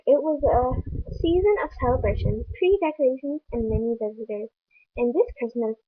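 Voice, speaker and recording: A young female reader reading a children's book aloud, casual and stumbling, stopping now and then to apologize. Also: sits high. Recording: tinny phone-like recording.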